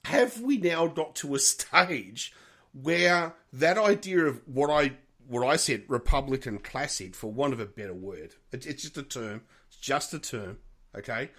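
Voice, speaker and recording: A middle-aged man co-hosting a podcast in casual chat, frank and animated, swearing freely and laughing often. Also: mid-range voice, measured pace. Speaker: podcast co-host.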